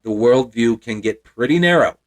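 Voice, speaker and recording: A man's voice: medium pitch, animated, normal speed. A man in his forties from Montana, telling a personal story as a podcast host in a reflective, wry, self-deprecating way.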